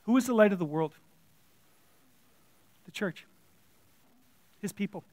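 Male lay preacher, very high pitch, plain-spoken and blunt, dry close recording. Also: lively intonation, a little slow, a little mellow, no room sound. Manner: blunt, conversational, acting out quoted voices. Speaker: church elder preaching. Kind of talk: informal sermon. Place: church room with audience.

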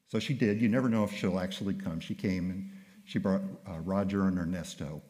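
An older male pastor tells stories from the pulpit in a relaxed, conversational way, often restarting his sentences. His voice sits very low. The sound rings with the long reverb of a large hall. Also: fairly quick. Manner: conversational, anecdotal, with frequent restarts. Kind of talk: sermon storytelling.

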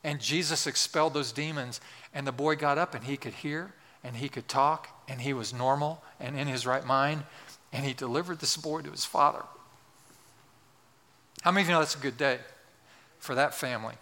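Preaching emphatically in a big church, this pastor in his sixties repeats key phrases and asks his congregation questions. He speaks at medium pitch and a moderate pace, his tone pushed and bright, with long large-hall reverb around him.

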